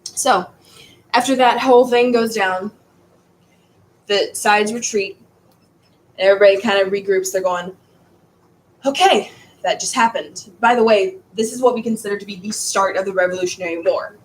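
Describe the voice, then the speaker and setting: A woman's voice: medium pitch, fairly even intonation, normal speed, pauses often, poor audio. A woman teaching a history class in a casual, rambling way, stumbling over words and restarting.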